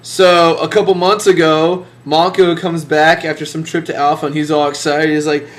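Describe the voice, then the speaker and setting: A man's voice: fairly high pitch, level tone, a little fast, few pauses. Sarcastic young man, boastful mock story. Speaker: band member telling a mock story.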